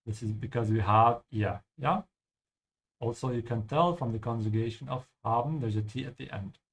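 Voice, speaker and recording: A man's voice: medium pitch, moderate pace, husky. A man teaching German while playing a game, explaining patiently and ending his points with "yeah?". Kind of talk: language lesson over gameplay.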